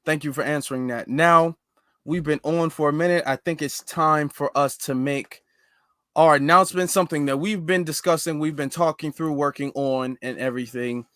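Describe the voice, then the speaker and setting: A man's voice: on the high side, fairly even intonation, moderate pace, a bit bright, no echo, clean studio sound. A man hosting a live stream, reading out viewer questions politely. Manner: polite, affirming. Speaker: host.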